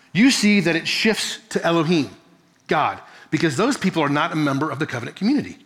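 A male Bible teacher preaching in a large church hall, his slightly high voice carried on a long reverb. He explains earnestly, asks the room rhetorical questions and corrects himself mid-sentence. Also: fairly bright tone. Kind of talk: sermon.

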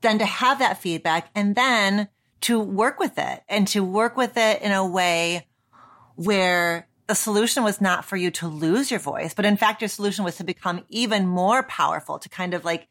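A woman's voice: medium pitch, normal speed, a bit bright. A woman podcast host who interviews conversationally, affirming and inquisitive.

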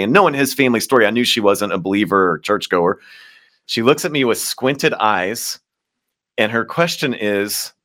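A man from Kentucky speaks as a pastor being interviewed. His voice sits on the lower side, and he reflects earnestly on his work. He tells his stories with easy humor. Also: expressive, normal speed, a bit bright. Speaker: lead pastor and guest. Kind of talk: storytelling interview answers.

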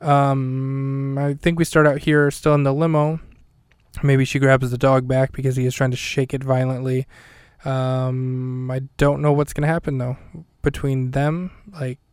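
Male podcast host, casual rambling recap, dry humor, smooth clear voice, close dry sound. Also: medium pitch, darkish tone, no echo.

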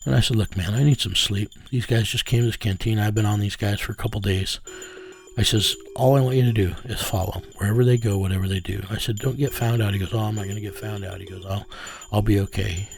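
Gravelly-voiced man telling a stakeout story. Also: on the low side, steady tone, fast talker. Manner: plain, conversational, acts out dialogue. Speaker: private investigator. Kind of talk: first-person storytelling.

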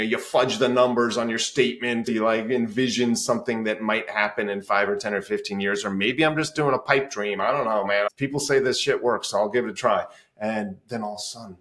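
A man in his forties, a music therapist, telling stories animatedly in a casual interview and swearing freely. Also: lowish voice. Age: 40s. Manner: animated, swears freely, acts out his own past thoughts. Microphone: podcast call.

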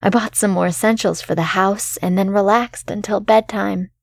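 A woman reading a first-person horror story in a calm, measured way as the show's narrator. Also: medium pitch, creaky, dry recording, clean studio sound.

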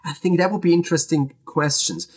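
Husky man chatting with frequent laughs. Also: fairly high pitch. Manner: laughs often, halting restarts. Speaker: conference organizer, guest. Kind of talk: casual podcast chat.

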